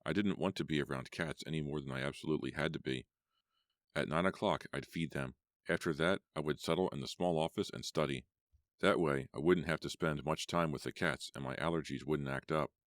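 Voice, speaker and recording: Brief: male audiobook reader, extremely low voice, dry close sound, measured telling. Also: no room sound. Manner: measured storytelling. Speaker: audiobook narrator. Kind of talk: first-person horror audiobook narration.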